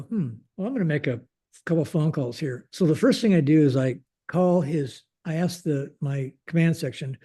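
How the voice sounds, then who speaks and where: An older man, a retired Air Force general, telling a story in a podcast interview and acting out the dialogue, with many fillers. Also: on the high side. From United States. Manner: animated retelling with acted-out dialogue, frequent fillers. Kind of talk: conversational storytelling.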